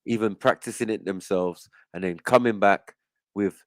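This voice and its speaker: A man's voice: on the low side, moderate pace, dry recording. A man, a guest on a casual panel, explaining at length and checking in with his listener. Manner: explains at length, checks in with "right?" and "you get me".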